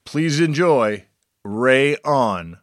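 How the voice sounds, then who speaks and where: A man's voice: mid-range voice, lively intonation, extremely slow, dry recording, clean studio sound. A man hosting a podcast, giving a casual, enthusiastic intro full of fillers and restarts. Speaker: podcast host.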